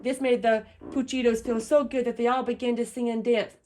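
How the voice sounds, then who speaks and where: A woman reading a children's picture book aloud in an expressive, lively storytelling manner. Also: fairly high pitch, a little fast, a little hiss or hum.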